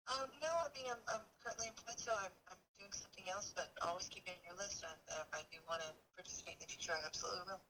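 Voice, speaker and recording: A woman's voice: medium pitch, very fast, few pauses, bright, forceful tone, poor audio. A woman realtor answering a sales call, polite and brief, keen to wrap it up. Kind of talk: phone conversation.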